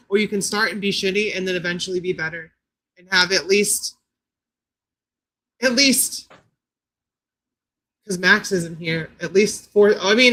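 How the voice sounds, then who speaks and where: A woman's voice: medium pitch, bright, forceful tone. A woman guest on a casual interview stream, sarcastic and teasing, swearing freely.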